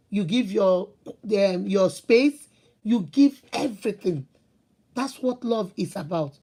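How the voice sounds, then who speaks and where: A woman's voice: mid-range voice, warm tone. A middle-aged woman hosting a talk on relationships, telling stories with emphatic repetition and rhetorical questions. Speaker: host giving relationship advice. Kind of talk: casual advice talk to viewers.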